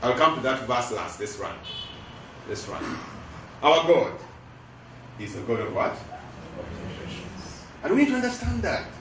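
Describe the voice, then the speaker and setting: This middle-aged Ugandan-accented man, speaking as a guest lecturer, gives a forceful call-and-response sermon in which listeners supply the ends of his lines. His mid-range voice swings hugely in pitch at a moderate pace, broken by frequent pauses, with background noise present. He sounds distant in a reverberant hall.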